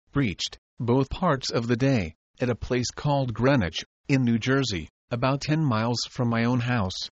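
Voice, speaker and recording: A man of middle pitch reads an old devotional diary aloud, steady and solemn. The sound is dry and close with no room around it, on a slightly muffled lo-fi recording. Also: no room sound. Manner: measured, solemn, devout reading. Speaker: audiobook narrator.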